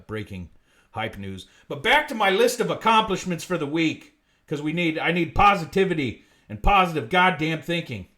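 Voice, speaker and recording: A man hosting a live comedy stream, swearing constantly and swinging between mumbled asides and shouted rants. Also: fairly high pitch. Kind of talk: profane comic ranting on a live stream.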